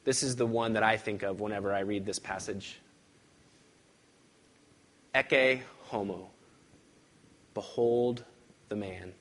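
A male pastor preaching a sermon and reading scripture aloud, pressing hard on key words and then dropping to hushed, quiet lines. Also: on the low side, fairly even intonation, slow pace, long pauses. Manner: emphatic, swings from loud stresses to hushed lines.

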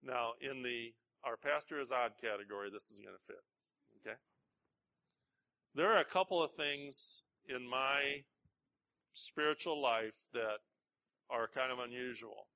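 Bright-voiced pastor telling a story. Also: male voice, mid-range voice, vocal fry. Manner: self-deprecating, conversational, with halting restarts. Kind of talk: personal storytelling sermon.

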